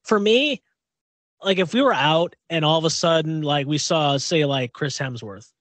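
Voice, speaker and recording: A man's voice: a little high, normal speed, a bit bright, no echo. A middle-aged man co-hosting a casual radio show chat, rambling and restarting as he acts out little quotes. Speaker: co-host.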